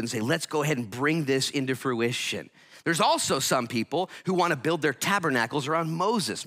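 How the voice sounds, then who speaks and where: A male pastor preaching a sermon, swinging from hushed lines to loud, energetic outbursts and acting out voices. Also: mid-range voice. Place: church.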